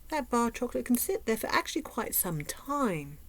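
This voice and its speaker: A woman's voice: a little high, big pitch swings, a little fast. A woman talking in a sarcastic vlog commentary, with dry asides and dips into mock whispers. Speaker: vlogger.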